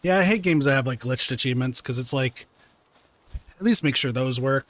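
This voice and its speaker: Male game streamer, mid-pitched, loose and animated, laughs and curses casually while chatting. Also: brisk, no echo. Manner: animated, swears casually, laughs mid-sentence, many "like" fillers. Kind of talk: casual live-stream chat with viewers.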